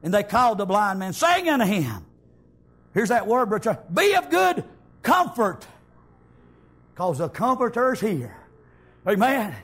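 A man preaching a sermon, shouting his lines in a sing-song rhythm and dropping an "amen" between phrases. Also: sits high, wildly swooping pitch, measured pace, pauses often.

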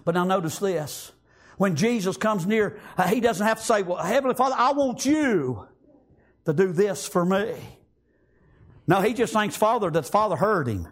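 A man preaching a fiery revival sermon in church, breaking into shouts and filling pauses with "amen" and "praise God.". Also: sits high, expressive.

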